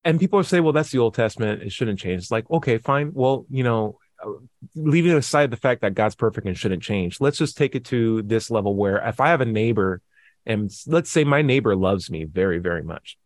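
A man's voice: medium pitch, lively intonation, fairly quick, no echo. A man in casual podcast chat, arguing with sarcasm and acting out quoted people in mocking voices.

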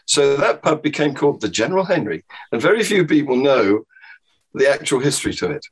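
A man's voice: mid-range voice, big pitch swings, a little fast, husky, low-quality recording. A man from the UK, a panel guest, telling a story with hesitant restarts. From United Kingdom. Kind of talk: casual panel chat.

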